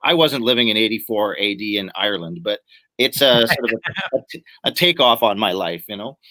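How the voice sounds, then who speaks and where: A man's voice: on the low side, fairly quick. A man guest in a casual chat, telling nostalgic stories and acting out favorite film speeches. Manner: nostalgic, animated storyteller. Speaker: guest, comic writer.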